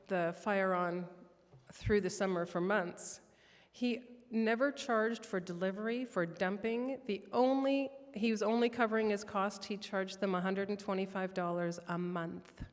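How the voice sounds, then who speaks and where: A woman telling a heartfelt personal prayer story during a church worship service, soft-spoken and emotional. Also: mid-range voice, fairly even intonation, unhurried, big-room sound. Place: church sanctuary.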